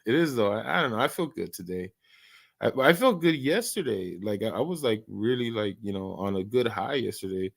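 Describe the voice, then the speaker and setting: A man's voice: fairly low pitch, animated, a little fast, vocal fry. A man hosting an early-morning live stream, chatting casually, rambling and stammering through many restarts and laughing often.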